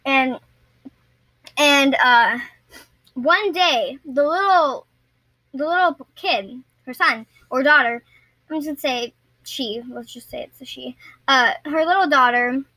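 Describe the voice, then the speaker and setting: High, bright young woman vlogger. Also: takes it slowly, long pauses, no room sound, rough recording. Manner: rambling, stumbles and restarts often. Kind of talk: casual storytelling to camera.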